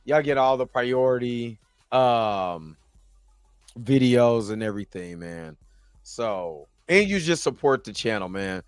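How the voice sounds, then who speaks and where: A man's voice: mid-range voice, expressive, takes it slowly, smooth, no echo, clean studio sound, faint music behind. Joking, rambling man hosting a livestream. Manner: loose, joking, rambling, laughs often. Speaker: host. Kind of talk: casual reaction livestream chat.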